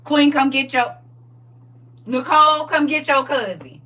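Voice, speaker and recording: A woman's voice: high voice, measured pace, recorded from a distance. A middle-aged woman hosting a live stream, chatting casually and laughing a lot. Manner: animated, laughing, exclaiming. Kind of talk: casual chat.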